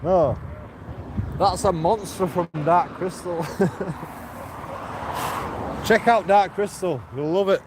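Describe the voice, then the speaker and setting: A blunt man rambles and swears his way through a walking vlog, his voice sitting a little high for a man. He talks into a handheld phone outdoors, and the street noise comes through clearly behind him. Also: slow, long pauses. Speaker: streamer. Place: outdoors on a walk.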